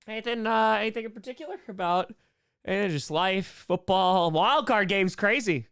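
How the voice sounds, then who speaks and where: A man hosting a casual livestream Q&A, excitable and playful, shouting out donors' names and making little sound effects to thank them. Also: high-pitched, normal speed, smooth. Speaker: livestream host.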